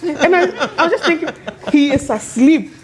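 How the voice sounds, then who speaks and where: A woman on a webinar panel, telling stories about her business in a lively way and laughing often. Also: high voice, normal speed, a crowd in the background. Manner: animated storyteller, laughs often. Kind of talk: casual panel discussion.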